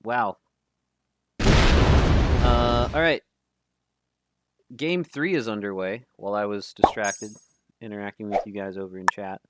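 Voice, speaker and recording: On the low side and measured, with long pauses, this tournament caster chats casually through a live game stream. He frequently trips over names, and loud background noise fills the recording.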